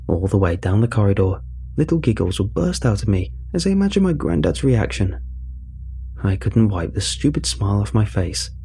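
A man narrating a first-person story in a measured, dry way. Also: on the low side, mellow, husky.

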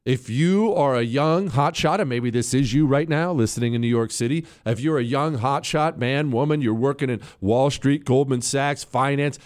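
A man's voice: medium pitch, normal speed, hardly any pauses, a little mellow. A man hosting a political talk radio show, speaking in a conversational, emphatic monologue to listeners and his producers.

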